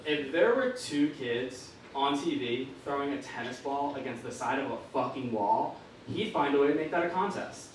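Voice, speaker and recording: A young man performing a stand-up comedy set in a club, delivering punchy one-liners with a deadpan turn. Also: mid-range voice, moderate pace, a little hiss or hum. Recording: echoey club recorded from far off. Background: audience laughing.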